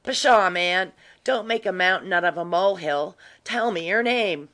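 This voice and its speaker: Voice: mid-range voice, measured pace, pushed and bright. Reader voicing an old-time earl, nosy and teasing, chatty and familiar, audiobook. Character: worldly curious aristocratic earl, man. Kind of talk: audiobook reading.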